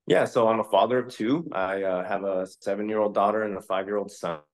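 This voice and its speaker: Low-voiced man, candid realtor chatting. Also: a little fast. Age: 30s. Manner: candid, conversational, occasional profanity. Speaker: realtor and podcast host. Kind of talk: casual interview answers.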